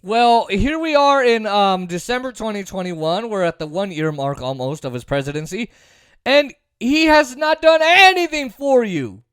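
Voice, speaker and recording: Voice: mid-range voice, lively intonation, a little slow, fairly bright tone, smooth, no echo, clean studio sound. A political commentary host giving a sarcastic, opinionated monologue, repeating points for emphasis. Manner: sarcastic, mocks opponents in put-on voices.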